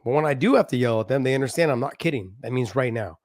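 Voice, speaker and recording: A man's voice: mid-range voice, animated, fast talker, darkish tone, no room sound. A middle-aged man in a casual interview, explaining his views earnestly and with everyday examples. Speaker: podcast guest, former fighter. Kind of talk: casual conversation.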